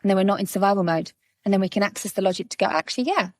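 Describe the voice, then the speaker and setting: A woman coach in casual podcast conversation, animated and acting out little scenes as she explains. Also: medium pitch, rapid-fire, a little hiss or hum. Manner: animated storytelling, acting out quotes. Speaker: guest coach.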